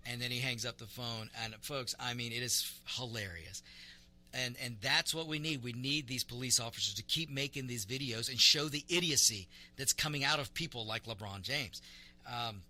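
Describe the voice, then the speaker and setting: A male talk radio host speaks emphatically and often stumbles over repeated words. His voice is mid-pitched with a very bright, sharp edge. He talks straight at his listeners in a commentary style. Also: normal speed.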